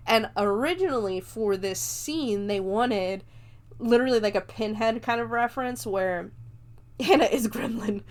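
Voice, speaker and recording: A woman hosting a podcast, recapping a film in a chatty, rambling way, swearing casually and laughing often. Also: medium pitch. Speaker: podcast host reviewing a film.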